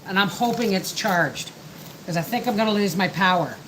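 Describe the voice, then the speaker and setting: A woman's voice: mid-range voice, expressive, normal speed, a bit bright, a little hiss or hum, low-quality recording. A middle-aged woman hosting a homestead live stream, chatting in a rambling way while she works and answers viewers. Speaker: homestead livestream host. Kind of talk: casual live-stream chat while working.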